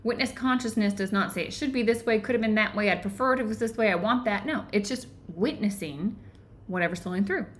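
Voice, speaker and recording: A woman hosting an online book club, explaining ideas earnestly and often pausing to check in with her listeners. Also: mid-range voice, a bit bright. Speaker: book club host and teacher. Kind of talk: live online book discussion.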